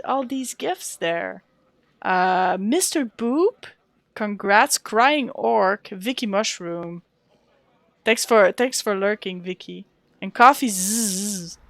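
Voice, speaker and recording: A woman's voice: medium pitch, animated, slow, fairly bright tone, dry recording. Chatty woman streaming a game. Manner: chatty, thanks viewers one by one. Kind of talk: casual live-stream chat while playing.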